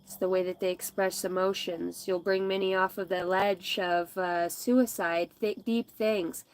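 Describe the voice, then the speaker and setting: A woman hosting a live intuitive reading stream, giving slow, soothing spiritual messages and drifting into loose, laughing, profane stories. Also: on the low side, flat delivery. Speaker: psychic livestream host.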